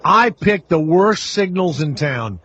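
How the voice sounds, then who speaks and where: A man's voice: sits high, lively intonation, slow, fairly bright tone, husky. A man hosting a call-in radio talk show, brash, crude and joking with callers. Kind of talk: casual call-in radio banter. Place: radio studio.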